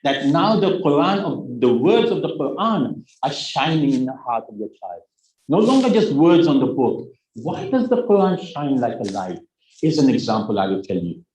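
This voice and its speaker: A man's voice: medium pitch, sing-song, normal speed, darkish tone, roomy sound, low-quality recording. A man in his sixties giving a Muharram sermon, telling a story, acting out its dialogue and adding joking asides to the audience. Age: 60s. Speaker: religious speaker.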